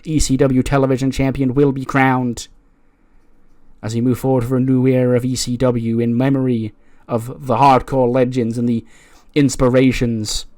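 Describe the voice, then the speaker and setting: A man's voice: medium pitch, a little mellow, dry recording, clean studio sound. A man casually narrating a wrestling management game, chatty with lots of fillers. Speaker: let's play host.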